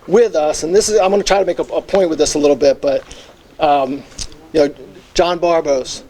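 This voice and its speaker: Earnest middle-aged man, fairly high voice. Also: fairly quick, dark tone. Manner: earnest, reminiscing, many fillers. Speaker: hall of fame inductee, former teacher and football coach. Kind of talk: acceptance speech.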